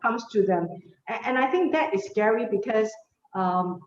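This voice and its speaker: A woman's voice: fairly high pitch, lively intonation, moderate pace. Hesitant woman host, roomy sound. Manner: hesitant, many ums and uhs. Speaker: talk show host. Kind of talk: hosted interview. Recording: dull roomy sound, faint noise.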